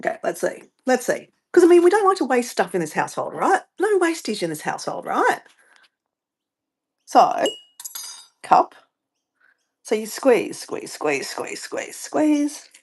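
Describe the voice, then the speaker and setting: Australian woman, casual livestream host, rambling and sidetracked, lively pitch, at home. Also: measured pace, long pauses, husky. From Southeast Queensland, Australia. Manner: rambling, chatty, easily sidetracked. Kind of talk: casual live-stream chat.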